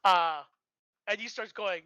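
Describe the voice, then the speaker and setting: A bright-toned storyteller on a live stream, trading in casual anecdotes with lots of halting restarts. The voice sits dry and close, but the audio is dull and lo-fi. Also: mid-range voice, smooth, dry recording. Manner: halting, many fillers and restarts.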